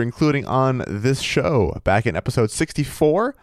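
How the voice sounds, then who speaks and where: Male podcast co-host, smooth resonant voice, deadpan wry humor, dry close mic. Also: mid-range voice, moderate pace, no echo. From United States. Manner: deadpan, wry, mock-formal. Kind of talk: casual chat.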